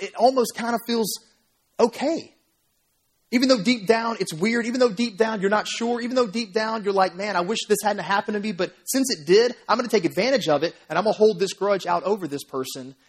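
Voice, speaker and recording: A man preaching a sermon as pastor, telling an animated story and often checking in with "right?". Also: high-pitched, slightly rough. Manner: animated storytelling, acts out crowd voices, asks "right?" often. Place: church sanctuary.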